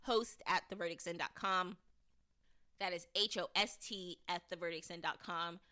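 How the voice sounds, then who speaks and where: The host here is a woman whose voice sits on the low side, moving at a moderate pace. She chats her way through an episode recap, thinking out loud with restarts, and brings energy by performing the characters' dialogue.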